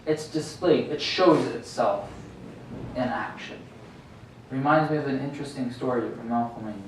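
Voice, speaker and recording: Preacher in a very echoey hall. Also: male voice, medium pitch, normal speed, music in the background. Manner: conversational preaching with rhetorical asides and questions. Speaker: sheikh giving a religious lecture. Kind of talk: sermon. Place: mosque prayer hall. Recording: very echoey hall, voice distant from the mic, faint noise.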